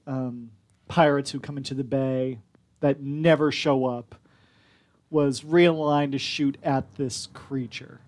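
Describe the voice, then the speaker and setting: A man running a tabletop game as game master, calmly giving rules calls and describing the action. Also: medium pitch, slow pace.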